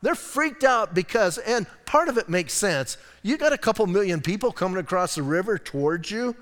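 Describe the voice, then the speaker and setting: High-voiced man preaching casually. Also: expressive, moderate pace, a bit bright. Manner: casual, chatty, addresses listeners as "man". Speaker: pastor. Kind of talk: conversational sermon. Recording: church hall reverb.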